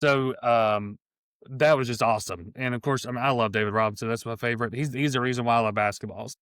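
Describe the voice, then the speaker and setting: Casting: middle-aged male podcast host, smooth clear voice, eager, rambling delivery, dry close mic. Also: mid-range voice, fairly even intonation, quick pace, a bit bright, dry recording. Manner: enthusiastic, rambling with restarts. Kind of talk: casual sports podcast chat.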